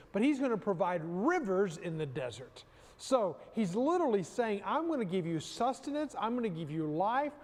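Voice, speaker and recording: A man preaching in a high, ringing voice, carried by a long reverb that trails after each phrase. He presses his points hard, circles back on key phrases and calls the congregation to speak along with him. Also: a little mellow. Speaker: pastor. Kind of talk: sermon.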